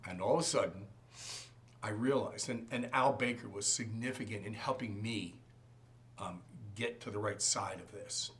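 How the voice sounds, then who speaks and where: A man teaching a Sunday school class, animated and joking, acting out quotes as he goes. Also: fairly low pitch, normal speed. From from outside the region. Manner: animated, jokes and acts out quotes.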